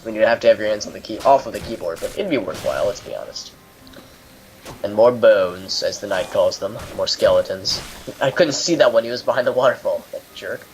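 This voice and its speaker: A man commentating on his own video game playthrough, explaining mechanics in a steady, mildly dry way. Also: on the low side, fairly quick, soft background music, low-quality recording. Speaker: gameplay commentator. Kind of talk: let's play commentary.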